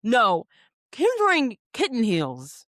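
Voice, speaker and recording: A young woman hosting a podcast, telling a story in casual chat, animated and full of fillers, acting out what people said. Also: a little high, slow, dry recording, clean studio sound. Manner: animated, many "like" fillers, acts out quotes. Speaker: podcast host.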